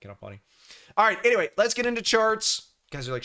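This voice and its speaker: Chatty, bright-voiced male streamer. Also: high voice, big pitch swings, moderate pace, clean tone. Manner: chatty, rambling storyteller with many restarts. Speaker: livestream host. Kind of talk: casual livestream market commentary.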